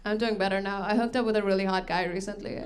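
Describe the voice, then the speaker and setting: A young Texan woman runs through a stand-up set at a comedy club, her voice medium-pitched, steady and quick. She's dry and self-deprecating and keeps laughing into her own lines. It's live club audio with loud crowd laughter.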